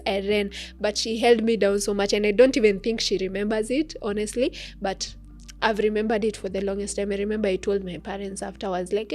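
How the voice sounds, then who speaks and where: A young Kenyan woman co-hosting a podcast, telling an animated story and code-switching freely. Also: medium pitch, a little fast, soft background music. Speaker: podcast co-host. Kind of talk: casual chat, storytelling.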